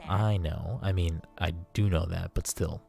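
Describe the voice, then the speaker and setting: Man voicing a pleading, melodramatic young otaku, deep-voiced, faint game music under. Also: fairly even intonation, measured pace, creaky, a little mellow, heavily acted.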